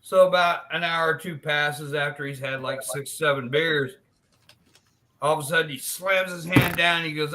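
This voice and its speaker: A man hosts a live stream and tells long, crude bar jokes in a loose, animated way. His voice sits high and sounds very bright and sharp. Faint noise runs underneath. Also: normal speed. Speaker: host of a live chat stream. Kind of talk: joke telling in casual chat.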